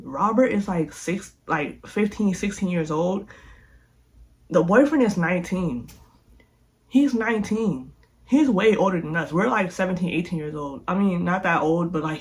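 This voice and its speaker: Animated young adult telling a story. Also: medium pitch. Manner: animated, slangy, with lots of filler sounds. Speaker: vlogger. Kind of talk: casual storytime vlog.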